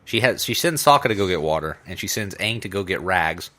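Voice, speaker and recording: A young man with a low pitch and a bright, edged tone walks through a plot recap in easygoing casual chat. He fills his retelling with ums and likes. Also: lively intonation, a little fast. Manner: easygoing, filler-heavy retelling. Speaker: podcast co-host.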